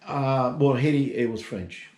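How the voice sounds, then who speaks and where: A man in his sixties tells a personal story casually and ramblingly, full of asides and restarts. His voice is mid-range with a darkish tone and an unhurried pace, recorded in an echoey room.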